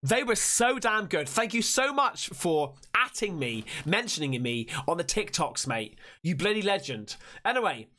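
A man with an English accent, reacting to videos in casual, sweary commentary with loud outbursts and lots of slang. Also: sits high, very animated, moderate pace, few pauses. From England. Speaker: YouTube reaction host.

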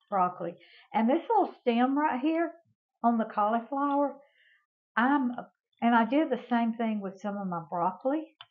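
A woman's voice: a little high, phone-quality sound. An older woman, hosting a casual home cooking demonstration in a chatty, homey way and talking to her viewers as y'all. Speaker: cooking show host.

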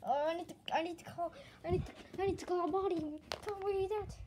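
A woman performing a playful toy skit, excitably switching between character voices. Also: extremely high pitch, fast, noisy background.

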